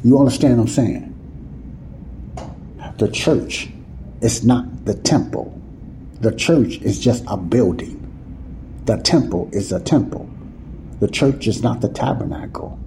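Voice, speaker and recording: Man with a very dark, mellow voice teaching. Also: mid-range voice, a little slow, vocal fry, long pauses, a little hiss or hum, rough recording. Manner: repetitive, keeps asking "you see what I'm saying?"; conversational, folksy grammar. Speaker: Bible teacher. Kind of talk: informal sermon teaching.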